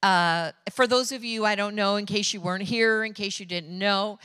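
A woman preaching a sermon as a pastor's wife, telling personal stories in an animated, chatty way. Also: mid-range voice, moderate pace, clear, resonant tone, no room sound.

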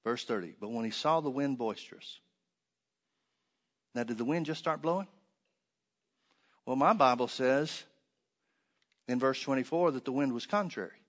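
A man preaches a sermon in a mid-range voice at normal speed, pausing often. He reads scripture aloud, then unpacks it with rhetorical questions, alternating loud emphatic stresses with hushed asides.

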